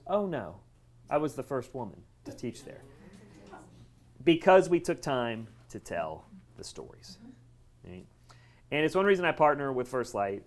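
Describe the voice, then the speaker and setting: Brief: middle-aged male speaker, animated storyteller, mid-pitched voice, addresses a room. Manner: lively storyteller, voices quotes with big pitch jumps. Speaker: speaker at a care event. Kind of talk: storytelling talk to a live audience. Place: event room near train tracks.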